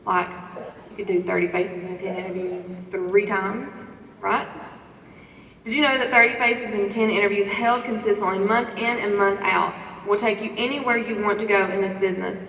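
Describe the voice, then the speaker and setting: A woman giving a lively motivational talk to a conference audience, asking the crowd questions and preaching about faith and confidence. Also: mid-range voice, moderate pace, a little hiss or hum. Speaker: conference speaker. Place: large conference hall. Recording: echoey hall recording from a distance.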